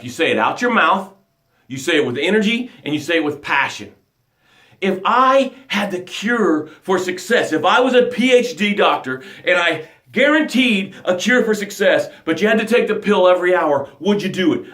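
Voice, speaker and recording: Speaking at a normal speed with a sing-song lilt, a fairly high-voiced man gives a motivational speech like a coach would. His emphatic delivery jumps to loud bursts and sinks to hushed lines, and the room echoes around him.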